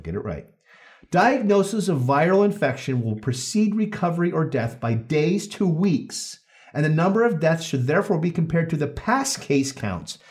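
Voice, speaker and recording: A man hosts a casual podcast, talking through a study in a loose, joking way. His pitch swings widely up and down. He often stops mid-sentence to restart or correct himself. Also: darkish tone. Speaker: podcast host.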